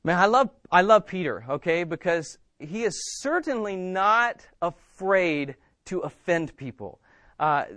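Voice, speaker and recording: High-voiced man preaching a sermon. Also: sharp tone, no room sound. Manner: emphatic, repeating words with frequent restarts. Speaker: pastor.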